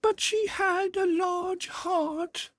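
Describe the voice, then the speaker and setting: An eerie, very high ghostly voice. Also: male voice, fairly even intonation, extremely slow, fairly bright tone, dry recording, studio quality, exaggerated voice. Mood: solemn.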